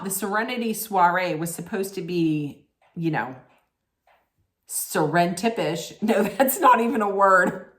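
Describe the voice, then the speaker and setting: Woman recap host, chatty and rambling, with an animated pitch and a slow pace. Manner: chatty, rambling, corrects herself often. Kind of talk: casual reality TV recap.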